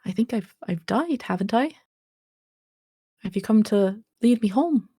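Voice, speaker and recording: A woman voicing a sweet, frail old woman who has just woken from death, gentle and bewildered. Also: mid-range voice, lively intonation, measured pace, slightly rough, dry recording, clean studio sound, pitched above the performer's own voice. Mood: gentle, wistful. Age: older.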